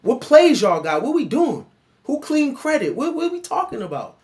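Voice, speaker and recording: A man's voice: extremely high pitch, very animated, moderate pace, darkish tone. A man hosting a reaction commentary, blunt and emphatic, talking back at the clip he is watching. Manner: blunt, emphatic, keeps addressing the other man by name.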